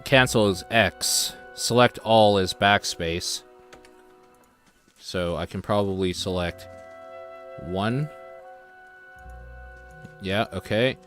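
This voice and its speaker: A man plays a game on stream and talks it through in a relaxed, think-aloud way. His voice sits low. Faint music plays underneath. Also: slow pace, pauses often. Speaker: let's-play streamer. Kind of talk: casual gameplay commentary and reading game text aloud.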